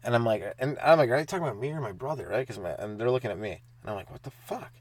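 A man in his thirties hosting a comedy podcast, telling stand-up stories and acting out the people in them with sudden loud, high bursts. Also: rapid-fire, no echo. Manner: animated, acts out kids' taunts with sudden loud high bursts. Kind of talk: comic storytelling monologue.

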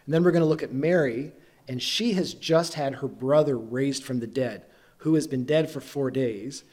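A man preaches a sermon in an easygoing, conversational voice that sits at an ordinary middle pitch. He tells his story loosely and pokes fun at himself, sounding like a pastor talking with his congregation rather than lecturing them. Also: moderate pace, a little mellow. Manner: conversational storytelling with self-deprecating humor.

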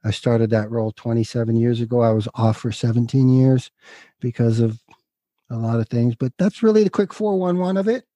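A middle-aged man telling his personal story as a podcast guest, casual and candid, calling the host "dude" and pausing when emotional. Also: mid-range voice, dark tone, dry recording. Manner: casual, says dude, halting and emotional at times.

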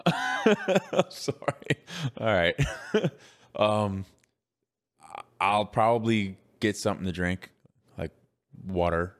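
Deep-voiced rambling podcast man. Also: steady tone, slow pace, pauses often. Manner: rambling, full of fillers and restarts, laughs easily. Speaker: podcast co-host. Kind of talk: casual chat.

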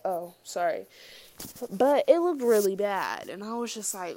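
A woman's voice: medium pitch, big pitch swings, moderate pace, darkish tone. A young woman vlogging in a chatty commentary style, with lots of fillers, speaking straight to her viewers. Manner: chatty, filler-heavy, addresses viewers as y'all. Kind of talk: casual commentary vlog.

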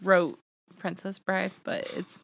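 A woman's voice: medium pitch, flat delivery, slow, vocal fry, a bit bright, slight background noise. A young woman guest on a podcast who chats playfully about a film, teasing the host and laughing often. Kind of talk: casual film chat.

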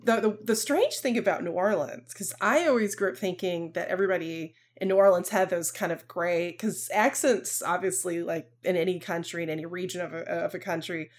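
A woman from the American South with a light Southern accent, co-hosting a film podcast in casual chat, filling pauses with ums. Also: lowish voice. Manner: chatty, lots of ums, friendly. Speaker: podcast co-host.

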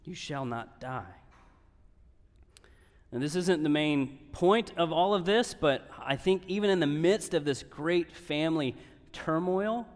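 A man's voice: on the high side, a little slow. Man preaching in a reverberant hall. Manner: earnest, often asks "right?". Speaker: pastor. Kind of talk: sermon.

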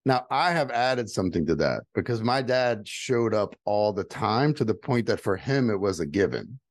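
A man's voice: fairly low pitch, lively intonation, normal speed, dry recording, clean studio sound. A middle-aged man telling a personal story as a guest, candid and earnest. He repeats phrases for emphasis and builds to emphatic advice. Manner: builds to emphatic, rising delivery when giving advice. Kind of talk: personal storytelling, motivational talk.

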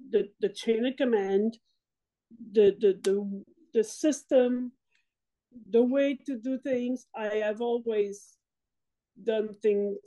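A middle-aged woman veteran answering interview questions in a halting way, often repeating words as she searches for them. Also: mid-range voice, warm tone, lo-fi sound. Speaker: guest, military veteran.

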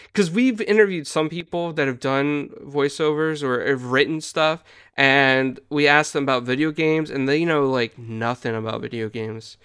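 A man hosts a relaxed interview and rambles amiably through his questions. His voice is smooth and clean, and the recording is dry and close. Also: mid-range voice, no room sound. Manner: easygoing, rambling. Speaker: host. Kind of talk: casual interview chat.

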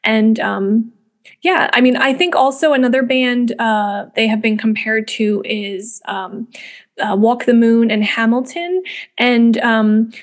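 Speaking slowly in a slightly high voice, the young woman offers casual commentary as host of a music podcast. She's chatty, with many fillers and restarts.

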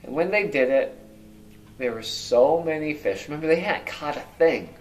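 A male pastor preaching a sermon, asking many rhetorical questions and moving between loud emphasis and hushed, quiet lines. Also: a little high, lively intonation, normal speed, a little hiss or hum.

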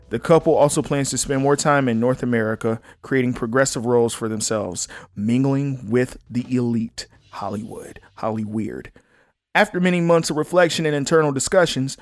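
A man's voice: medium pitch, no room sound. Blunt, opinionated young man hosting a podcast. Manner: blunt and opinionated, reading articles aloud with asides. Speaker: podcast host. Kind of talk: casual solo commentary.

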